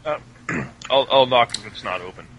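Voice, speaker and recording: Man, easygoing player, forceful tone, casual. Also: mid-range voice, lively intonation, normal speed, creaky, a little hiss or hum. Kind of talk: casual game chat.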